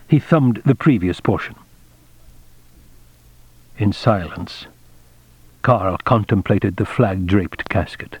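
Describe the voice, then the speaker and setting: A man narrating a novel in a measured, dramatic reading. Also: lowish voice, breathy edge, no room sound. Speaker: audiobook narrator. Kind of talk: scripted narration. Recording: dull, dry lo-fi audiobook recording.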